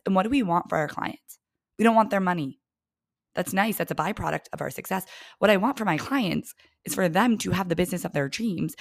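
A young woman business coach hosting her own podcast, talking chattily and with emphasis, sometimes dropping to a soft near-whisper. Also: mid-range voice, lively intonation, moderate pace, no room sound, clean studio sound. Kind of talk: casual solo podcast monologue.

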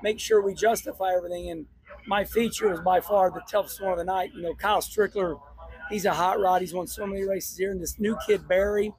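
An older man, a race car driver, talking emotionally and excitedly after a win, choked up and repeating himself, recorded outdoors at a noisy racetrack. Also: high voice, a little fast, breathy edge. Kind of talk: emotional post-race talk and vlog.

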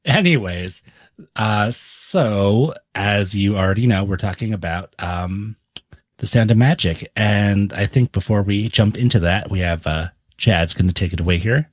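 A man co-hosting a podcast, calmly introducing the episode in casual chat. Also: lowish voice, unhurried, no echo. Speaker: podcast co-host.

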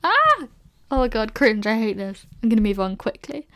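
A woman's voice: medium pitch, fairly quick. A young woman in her early twenties hosting a casual solo Q&A podcast, rambling chattily with lots of "like" and self-conscious laughs. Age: early 20s. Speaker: podcast host.

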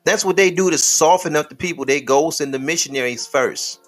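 A man's voice: on the high side, a little fast, a bit bright, soft background music. A man hosting a podcast in casual commentary, preachy and full of rhetorical questions, addressing listeners as beloved. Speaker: podcast host.

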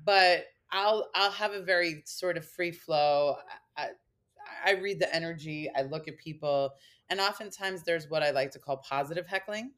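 A woman's voice: on the low side, normal speed, fairly bright tone. A woman from Long Island, New York, co-hosting a podcast and chatting casually, telling stories and acting out the voices of people she quotes. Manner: chatty storyteller who acts out quoted voices. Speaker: podcast co-host and comedian.

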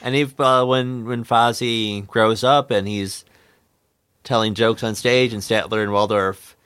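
A man co-hosting a podcast, casual and gentle, quick to laugh. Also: fairly low pitch, steady tone, clean tone, dry recording, studio quality. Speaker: podcast co-host.

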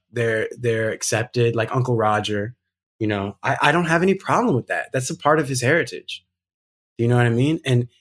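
A man talking as a podcast guest in casual conversation, earnest and emphatic, reflecting at length. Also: medium pitch.

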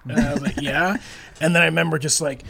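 A man's voice: fairly high pitch, creaky, crowd noise. A man co-hosting a podcast, tossing out joking questions in casual chat. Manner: quick-witted, joking questions. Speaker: podcast co-host.

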